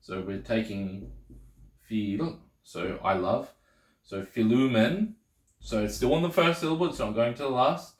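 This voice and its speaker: A man's voice: medium pitch, unhurried, roomy sound. A man teaching a recorded language lesson, explaining patiently and checking in with frequent "okay"s, possibly. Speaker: Greek teacher. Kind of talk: video lesson.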